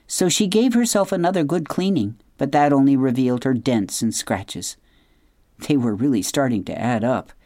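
A woman hosting a radio program, reading a children's novel aloud in an expressive, measured storytelling manner with hushed dramatic asides. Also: a bass voice, dry recording, clean studio sound. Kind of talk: scripted storybook narration.

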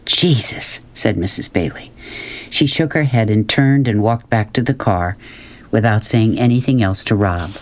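A man narrating a children's novel in calm, measured storytelling. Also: on the low side. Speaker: audiobook narrator. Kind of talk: scripted narration.

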